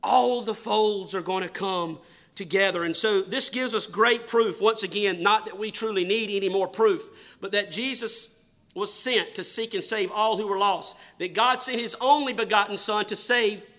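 A man preaching a sermon with a high, bright voice. He drives his points home with loud, slow emphasis, then drops to hushed questions aimed at the congregation. He talks as if he is standing before his own church.

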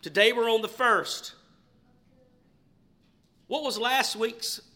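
A man's voice: extremely high pitch, slow, bright, forceful tone. A male pastor preaching a sermon with emphatic delivery, asking the congregation questions and reading scripture aloud.

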